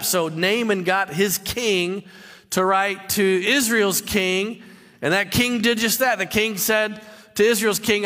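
A man's voice: high voice, steady tone, slow pace, bright, forceful tone. A man preaching a sermon, emphatic, repeating and stumbling over words as he stresses his points. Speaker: pastor. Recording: long hall reverb.

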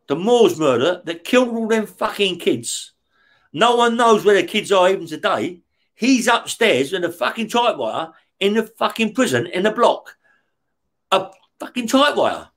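Middle-aged man, high and light voice, interview guest, swears constantly and acts out the other voices in his tales. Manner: heavy swearing, acts out the dialogue in his stories. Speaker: guest, former career criminal. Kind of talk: casual storytelling in an interview.

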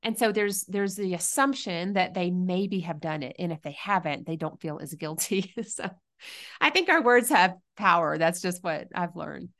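A middle-aged woman talks in a lowish voice as a podcast guest, earnest and reflective. She circles back and restarts phrases as she works through her thoughts in an easy, conversational way. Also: expressive, moderate pace, a bit bright. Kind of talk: conversational interview.

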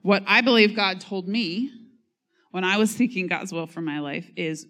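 A woman's voice: mid-range voice, expressive, measured pace, fairly bright tone. A woman pastor preaching a sermon in a conversational way, reading scripture, acting out quotes and joking at her own expense. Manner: conversational, self-mocking humor; reads scripture and acts out quotes.

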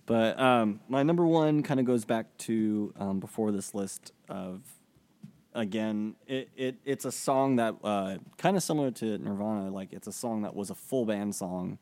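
With a lowish, darkish voice at normal speed, this podcast co-host chats casually. He sounds hesitant, leaning heavily on filler words.

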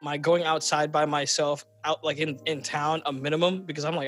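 A young man hosting a casual podcast chat, telling lively anecdotes and acting out the people in them. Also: on the high side, a little fast, few pauses, soft background music. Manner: animated storyteller, acts out voices in anecdotes. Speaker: podcast host.

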